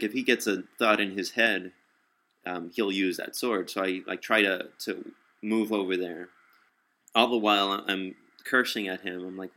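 A young man tells a personal anecdote in a low, forceful voice. He swears bluntly and stumbles into restarts as he goes. The delivery is casual and unscripted. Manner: profane, blunt, halting with restarts. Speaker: storyteller.

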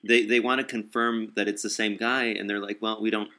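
A young man telling a personal story in casual talk, blunt and profane, often halting and restarting. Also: fairly low pitch, level tone, bright, forceful tone. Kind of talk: casual spoken anecdote.

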